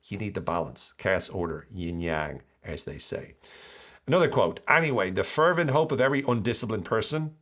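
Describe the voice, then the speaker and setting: A male podcast host talks through big ideas in a relaxed, animated monologue. His voice sits deep and low. He throws in self-deprecating jokes as he goes. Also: moderate pace. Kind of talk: casual explainer monologue.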